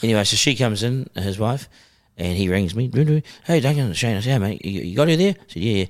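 A middle-aged New Zealand man, a broadcaster, telling stories in a casual, animated way and acting out phone calls. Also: fairly low pitch, quick pace. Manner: animated, acts out phone calls in character voices. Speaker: broadcaster guest. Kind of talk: casual storytelling.

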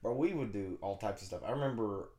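Lower-voiced man, roomy echo. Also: animated, fast, a crowd in the background. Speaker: podcast co-host. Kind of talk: casual chat, storytelling.

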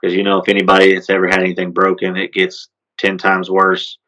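A man co-hosting a podcast, talking sports in a relaxed, rambling way with lots of fillers. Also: sits low, a little fast, rough recording. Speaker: podcast co-host. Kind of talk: casual sports chat.

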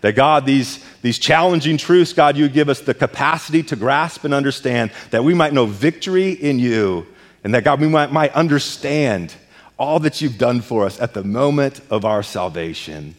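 A man's voice: mid-range voice, expressive, normal speed. A male pastor preaching a sermon, emphatic and repeating words as he presses a point. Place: church sanctuary. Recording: long church hall reverb.

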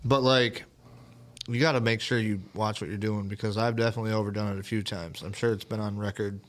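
A man's voice: fairly low pitch, level tone, brisk. A man co-hosting a live-stream podcast, chatting loosely and swearing in casual banter. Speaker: podcast co-host.

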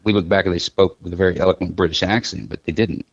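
A man's voice: low-pitched, steady tone, fast, dull audio, crowd noise. A middle-aged man chatting casually as a podcast guest, rambling and joking through his stories with many restarts. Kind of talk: casual chat.

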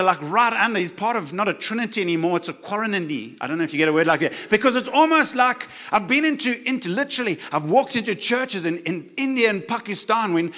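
Bright-voiced preacher man. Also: sits high. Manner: emphatic, asks the crowd to repeat words. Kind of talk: sermon.

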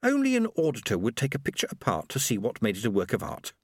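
A man reading an audiobook, voicing a fierce, sharp-tongued young woman who gives curt commands. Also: medium pitch, huge pitch swings, fast, breathy edge, no room sound, studio quality. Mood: cool, scornful.

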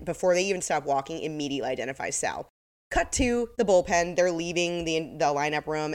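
Lady podcaster w a lowish voice, chatty recap, laughs a lot. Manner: laughs often, acts out quotes. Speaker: podcast co-host. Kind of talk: casual chat recapping a TV episode.

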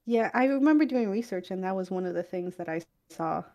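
A young woman in a casual podcast conversation. She explains things loosely and adds little hedges as she goes. Her voice is at a middle pitch for a woman. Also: animated, a little fast, darkish tone, lo-fi sound. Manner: chatty, unsure, hedging. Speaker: podcast co-host.

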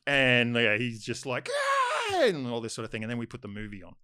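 A man's voice: medium pitch, fast talker, sharp tone, clear, resonant tone, dry recording, clean studio sound. A man with an Australian accent telling a long, rambling story, full of fillers. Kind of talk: casual chat anecdote.

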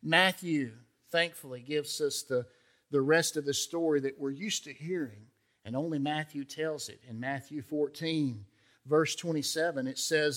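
A man's voice: on the high side, moderate pace, fairly bright tone. A male pastor preaching a sermon in a conversational way, acting out the quotes in character voices.

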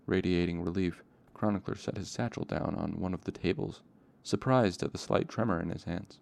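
A man reading a novel aloud in a plain, steady narration. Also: deep voice, moderate pace, creaky, few pauses. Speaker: audiobook reader.

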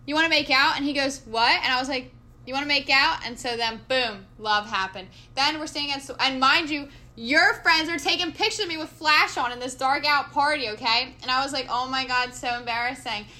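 A young woman in her twenties telling a funny story in casual chat, animated and often laughing. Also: sits high.

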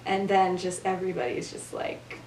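A woman's voice: lowish voice, normal speed, distant mic, slight background noise. Young woman retelling a story in an echoey room. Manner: animated, acts out characters' lines, laughs often. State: has the hiccups. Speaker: podcast host retelling a fan story. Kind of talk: casual storytelling chat. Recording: echoey room, voice a bit off-mic.

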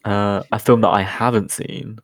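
A man's voice: fairly low pitch, flat delivery, moderate pace, no room sound. A man co-hosting a casual podcast, laughing and arguing back at his friends. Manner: defensive, laughing, mocking. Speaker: podcast co-host. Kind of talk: casual late-night podcast banter.

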